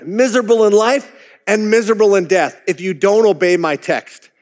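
A pastor putting on a fervent homespun lay preacher. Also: male voice, high-pitched, fairly even intonation, moderate pace, darkish tone, in a large hall, pitched above the performer's own voice, natural voice. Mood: urgent. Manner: earnest, insistent repetition.

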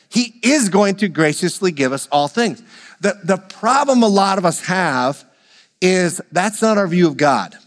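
A man's voice: sits high, big-room sound. A man preaching a sermon, leading the congregation in call-and-response and joking with them. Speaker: pastor.

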